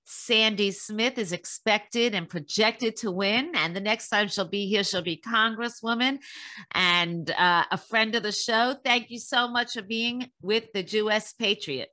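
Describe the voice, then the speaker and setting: A woman's voice: medium pitch, unhurried, bright, forceful tone. A woman hosting a podcast, effusive and full of praise for her guest in a casual interview. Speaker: podcast host.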